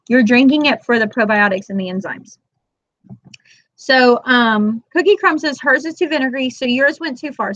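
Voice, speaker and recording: A woman's voice: a little high, fairly bright tone, no echo. A woman hosting a casual weekly chat for moms, telling stories and acting out her friend's lines. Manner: chatty storyteller who acts out friends' lines in quotes; addresses viewers as "girl". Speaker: host of a weekly moms' chat. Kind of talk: casual live chat to viewers. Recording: dull, dry lo-fi webcam audio.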